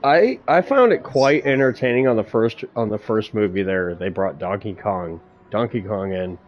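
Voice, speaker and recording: A man's voice: lowish voice, expressive, normal speed, muffled recording. A man hosting a casual gaming stream, teasing and joking with his friends over voice chat. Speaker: streamer host.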